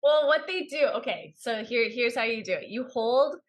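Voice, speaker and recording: A woman guest in a casual interview chat, telling stories in an animated way and acting out the voices of the people in them. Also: fairly high pitch, moderate pace. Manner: animated storyteller, acts out quoted voices with laughter. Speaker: actress guest.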